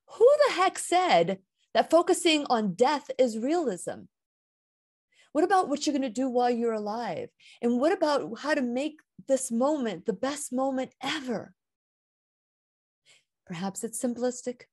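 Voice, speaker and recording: A woman's voice: a little high, expressive, a little slow, a little mellow. A woman hosting a radio show, giving an earnest, heartfelt inspirational talk about faith, and rising and falling with emphasis.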